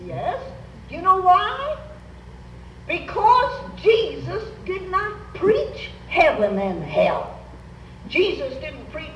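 An older woman preaches in a high, melodic voice that rises and falls widely, taking her time over each phrase. She urges the congregation to repeat after her. The recording is distant and roomy with a faint hiss. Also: big pitch swings, slow. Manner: emphatic, urging the congregation to repeat phrases aloud. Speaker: Pentecostal Bible teacher. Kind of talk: sermon. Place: church meeting. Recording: roomy church hall, recorded from afar, faint noise.

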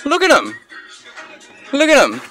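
Young Australian bloke, very bright cutting tone, fed-up swearing rant outdoors on a phone. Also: male voice, very high voice, wildly swooping pitch, a little slow, faint music behind. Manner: heavy swearing, exasperated. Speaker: bystander filming. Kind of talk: angry phone-video rant. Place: outdoors at a service station. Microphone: phone camera.

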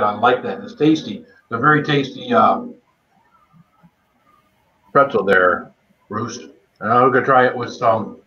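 A man's voice: medium pitch, sharp tone. Chatty man tasting spicy food on stream. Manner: chatty, greets viewers by name while eating. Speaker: livestream host doing a spicy food tasting. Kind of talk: casual live-stream chat. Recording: dull lo-fi stream audio.

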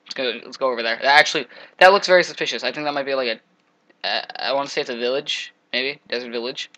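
A young man giving casual, jokey commentary while playing a game, trash-talking monsters with sudden loud outbursts. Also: medium pitch, fast talker, poor audio. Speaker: gameplay commentator.

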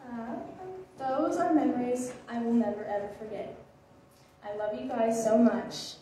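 A teenage girl delivers an earnest, slightly nervous graduation speech. Her fairly high, mellow voice is picked up from a distance in a very echoey hall, with faint room noise behind. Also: moderate pace. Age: late teens. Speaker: graduating student. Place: school ceremony hall.

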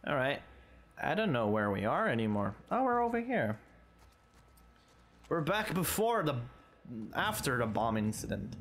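Male let's-player, lively pitch, slow drawl, swears at enemies, game noise behind. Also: vocal fry. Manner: swearing, exasperated, talks to enemies. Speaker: let's play gamer. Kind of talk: casual gameplay commentary.

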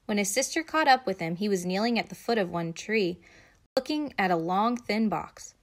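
A woman's voice: medium pitch, moderate pace. Woman reading a children's story aloud. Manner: expressive, animated. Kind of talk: children's read-aloud narration.

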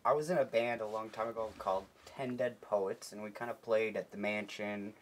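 A man with a fairly low voice, a drummer, recounts how his band began in a relaxed interview. He hesitates with fillers as he tells it, and a faint hum sits behind him. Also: fairly quick. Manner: storytelling, hesitant, laughing. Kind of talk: casual interview chat.

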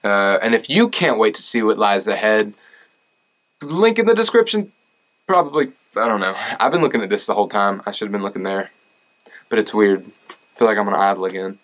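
Man, lowish voice, casual vlog, jokey rambling fan mail reading. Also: fast, fairly bright tone. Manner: joking, rambling and self-deprecating. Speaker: country singer and YouTuber. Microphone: camera rig at home.

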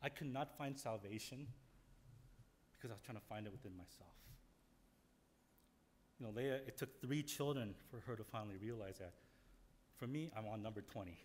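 A male pastor preaching a candid, story-driven sermon that swings from quiet asides to loud outbursts. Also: lowish voice, moderate pace, long pauses, slight background noise.

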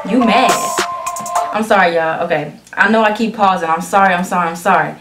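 A woman talking casually and excitedly to her viewers as she reacts to a music video, often restarting her sentences. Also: on the low side, fast talker. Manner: excitable, talks straight to viewers, frequent restarts. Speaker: reaction vlogger. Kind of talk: casual chatty video commentary. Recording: echoey room.

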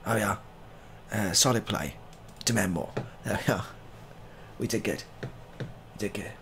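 A man's voice: lowish voice, a little slow, gravelly, background noise. A young man commentating live on a football management game he is playing, cheering on the team and grumbling at the referee. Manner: excitable, cheering on the players. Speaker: gaming YouTuber.

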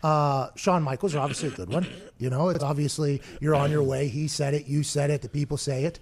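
A man's voice: a little high, fairly even intonation, brisk, darkish tone. A man hosting a talk show, asking teasing, passive-aggressive questions of his guest.

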